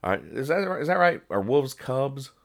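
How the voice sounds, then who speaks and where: This podcast host has a medium-pitched, creaky voice with big swings in pitch and a moderate pace. Reading comics on a casual comedy podcast, he rambles, cracks jokes, and breaks down every punchline.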